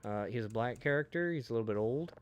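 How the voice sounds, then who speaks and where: A man's voice: animated, quick pace, highs cut off, close to an everyday voice. A man putting on an eager voice director who coaches an audiobook narrator and rambles with lots of fillers. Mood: coaxing. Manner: chatty, rambling, filler-heavy pitch.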